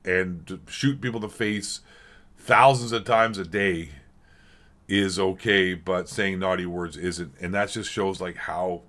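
A man hosts a reaction video in a sarcastic, rambling rant full of crude remarks. His voice sits on the low side, and he keeps an offhand, mocking tone throughout. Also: fairly even intonation, unhurried, fairly bright tone. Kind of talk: casual rant commentary.

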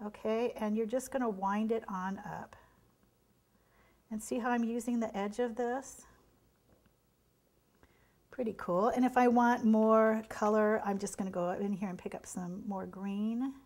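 A woman's voice: fairly high pitch, steady tone, a little slow, long pauses, a little mellow. A middle-aged woman, a pastry chef, chatting through a cake painting demonstration in an encouraging way. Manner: chatty, encouraging, drops to a near whisper while working. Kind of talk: demonstration tutorial.

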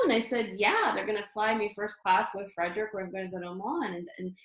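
The speaker is a middle-aged woman, an interview guest, animatedly relating a personal story while laughing often and restarting her lines. She has a medium pitch, talks fast, and barely pauses, all in an echoey room.

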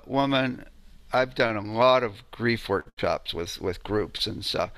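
A man's voice: medium pitch, fairly bright tone, no room sound. A man giving an informal lecture on sound healing, telling stories in a conversational way and often asking "right?".

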